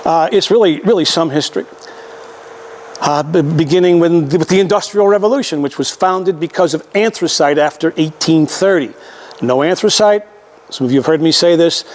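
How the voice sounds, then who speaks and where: An older man with a voice a little high for a man delivers a folksy history lecture. He speaks conversationally, often repeating or restarting words as he moves through his slides, over a faint hum of room noise.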